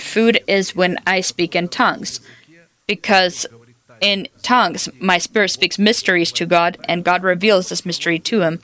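A woman's voice: fairly low pitch, a bit bright. A woman preaching a sermon, telling personal stories and quoting scripture in an earnest way. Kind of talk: sermon teaching.

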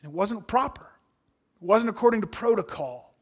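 A man preaching a sermon, reading scripture aloud and then explaining it earnestly, sometimes dropping to a hushed aside. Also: high-pitched, lively intonation, fairly quick, slightly rough.

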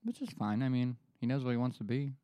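A man's voice: mid-range voice, sing-song, fast talker, warm tone, no room sound. A man from Pennsylvania co-hosting a casual podcast chat, joking around and reading news stories aloud. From Pennsylvania, USA. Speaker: podcast co-host.

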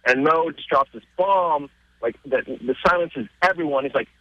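A man being interviewed on radio, telling stories casually and getting excited, his voice jumping up in pitch as he retells scenes. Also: normal speed, dry recording, dull audio. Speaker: interview guest.

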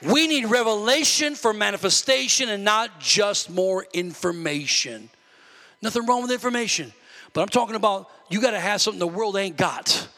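A man pastor preaching a sermon, animatedly acting out his talks with God and shouting at the peaks. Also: sits high, normal speed. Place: church sanctuary. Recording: long reverb of a church hall.

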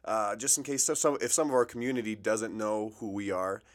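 A man with a fairly low voice co-hosts a casual podcast, keeping things loose and joking and tossing in "bro" and "dude" as he talks. He is recorded in a small office. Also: brisk. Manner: laid-back, joking, says "bro" and "dude". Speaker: podcast co-host. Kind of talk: casual chat.

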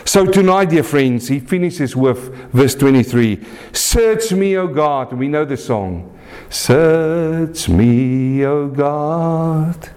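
A man from South Africa delivers an earnest sermon at a deliberate pace. His voice sits in a middle register and climbs high when he tells a story. He closes in prayer. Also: big pitch swings, a little mellow. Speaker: preacher.

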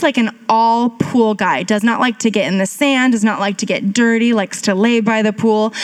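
Lively, chatty woman pastor, higher voice. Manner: chatty, self-mocking, acts out quoted voices. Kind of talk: storytelling sermon.

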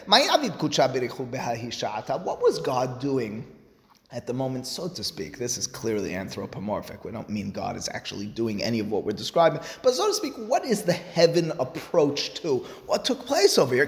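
Animated man lecturing in an echoey hall. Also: medium pitch. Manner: animated, swings from loud exclamations to quiet asides. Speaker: teacher. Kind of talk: Talmud class lecture. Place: classroom. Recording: echoey room with long reverb.

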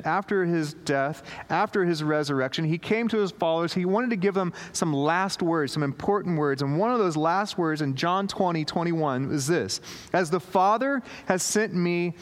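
A man's voice: on the high side, normal speed. A man preaching a sermon, telling a story with lots of fillers and restarts and acting out the quoted voices. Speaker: pastor. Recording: long hall reverb.

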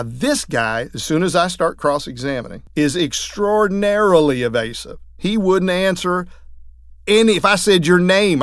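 A man, a trial lawyer, telling courtroom stories in a lively way, acting out what others said. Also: fairly high pitch, smooth, no room sound, studio quality. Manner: lively, acts out quoted voices. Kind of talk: anecdotal storytelling talk.

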